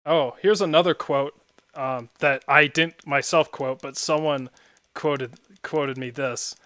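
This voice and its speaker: A man's voice: on the high side, fairly even intonation, slow, fairly bright tone, no room sound, clean studio sound. A young man streaming and chatting casually while gaming, rambling and often laughing at his own stories.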